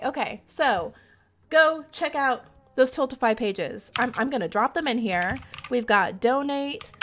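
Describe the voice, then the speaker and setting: Excitable high-voiced woman streamer. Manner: excitable, laughs often, talks to chat. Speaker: charity stream host. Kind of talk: casual live-stream chat.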